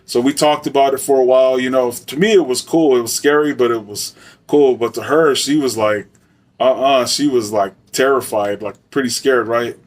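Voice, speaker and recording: A man's voice: medium pitch, normal speed, distant mic. A man from Arizona telling a story in a loose, slangy, profane way with lots of fillers. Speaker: storyteller, former soldier. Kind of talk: casual spoken storytelling.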